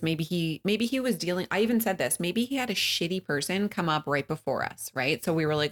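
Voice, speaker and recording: A woman's voice: lowish voice, lively intonation, fast talker, hardly any pauses. A woman co-hosting a podcast, chatting casually and laughing often. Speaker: podcast co-host. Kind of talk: casual chat.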